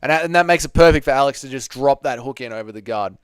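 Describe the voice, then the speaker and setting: A man's voice: medium pitch, fast, clean tone, no echo, clean studio sound. A man hosting a casual livestream Q&A, reading chat questions aloud and bantering back.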